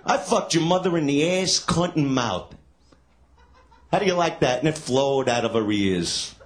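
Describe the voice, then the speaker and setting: A man working the crowd as a stand-up comic, swinging between a low, mocking murmur and loud, high jeering. His pitch sits high for a man and leaps around a lot. He is crude and taunting throughout. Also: animated, a little slow. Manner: crude, taunting, shouts and laughs at hecklers. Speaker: stand-up comedian. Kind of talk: crowd-work insult comedy.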